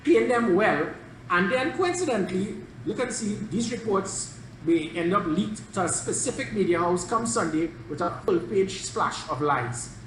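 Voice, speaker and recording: A man's voice: sits high, animated, unhurried, a bit bright, a little hiss or hum. Combative man, echoey clip. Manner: combative, accusing. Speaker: former police chief interviewee. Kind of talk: interview statement. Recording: echoey interview clip with faint ambience.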